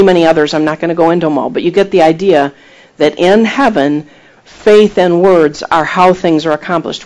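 A man preaching a sermon, retelling scripture with emphatic, animated delivery and acted-out quotes. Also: high-pitched, poor audio. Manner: animated storytelling, acting out quoted voices; emphatic, rising to exhortation.

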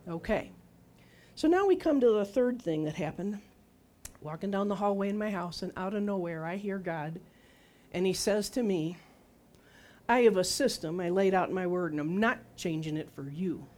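A woman's voice: medium pitch, mellow. Older woman preaching a testimony sermon. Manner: conversational, testimony-style, asks the audience questions; acts out her own and God's words in quoted lines.

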